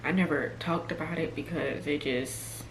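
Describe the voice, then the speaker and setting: A woman's voice: low-pitched, fairly even intonation, moderate pace, roomy sound, a little hiss or hum, poor audio. A young woman in her twenties telling a personal story on her vlog, emotional and trying not to cry. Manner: emotional, fighting back tears. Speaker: vlogger.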